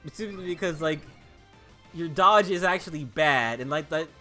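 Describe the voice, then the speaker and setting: A man chatting casually while playing a game, animated, swearing freely and laughing often. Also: a little high, a little fast, soft background music. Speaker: gaming video host. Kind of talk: casual storytelling over gameplay.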